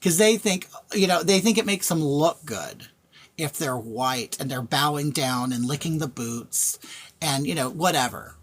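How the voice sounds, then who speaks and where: A woman's voice: sits low, animated, a little slow, breathy edge. A woman talking bluntly to her live-stream chat, thanking viewers by name and repeating her points in a ranting way. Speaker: livestreamer reading chat. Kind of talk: casual live-stream rant.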